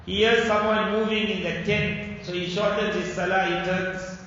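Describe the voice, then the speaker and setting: High-voiced man preaching in an echoey hall. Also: flat delivery, normal speed, a bit bright, a little hiss or hum. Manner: emotional storyteller, acting out quoted speech. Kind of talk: sermon storytelling. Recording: echoey hall with dull sound.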